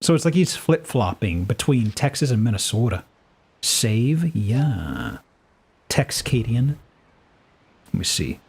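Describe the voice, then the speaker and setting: Animated male game streamer. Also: normal speed, breathy edge. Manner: playful, reacts loudly with sudden high exclamations. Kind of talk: casual live gameplay chat.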